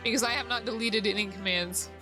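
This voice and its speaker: A woman's voice: fairly high pitch, fast, music in the background. A woman streamer chatting casually while playing a game, giggling and swearing freely. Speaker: VTuber streamer.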